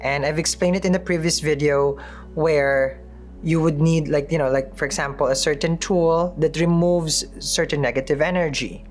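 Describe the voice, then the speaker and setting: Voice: mid-range voice, steady tone, normal speed. Chatty tarot reader, faint music behind. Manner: chatty, with frequent "mm-hmm" asides and dry sarcasm. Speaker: tarot reader and spiritual advisor. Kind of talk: casual tarot reading and advice.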